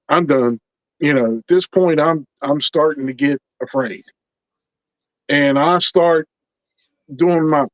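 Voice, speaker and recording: A man's voice: on the high side, no echo, dull audio. A man telling a story in a folksy, earnest way, often repeating words as he builds tension. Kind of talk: casual spoken storytelling.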